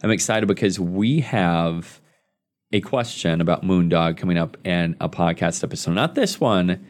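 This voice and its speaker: A man hosting a podcast in casual chat, playful and quick to laugh. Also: low-pitched, animated. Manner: playful, laughs often, trails off mid-thought. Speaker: podcast host.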